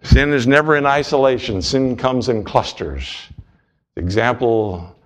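A man's voice: mid-range voice, unhurried. A man preaching a sermon, earnest and storytelling, driving points home through repetition.

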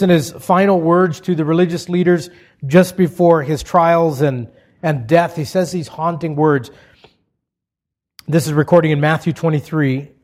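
Impassioned male preacher, high-pitched. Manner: impassioned, swells to high emphatic peaks then drops low and quiet. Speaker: pastor. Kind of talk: sermon.

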